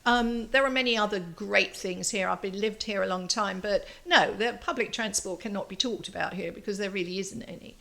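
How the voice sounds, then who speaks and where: A woman's voice: medium pitch, brisk, vocal fry, few pauses, pushed and bright. An older English woman, a guest artist, telling chatty self-deprecating stories in a casual interview. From England. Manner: chatty storyteller, self-deprecating, laughing asides.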